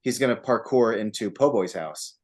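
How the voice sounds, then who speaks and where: A man on a casual podcast, talking about a movie with animated energy and frequent swearing. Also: fairly low pitch, moderate pace. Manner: animated, acts out scenes with put-on voices and laughter; swears freely. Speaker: podcast co-host.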